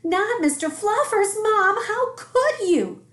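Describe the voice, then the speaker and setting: A woman voicing a dramatic young boy who loves his toys, pleading in a high, drawn-out voice. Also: expressive, a bit bright, roomy sound, heavily acted. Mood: aghast.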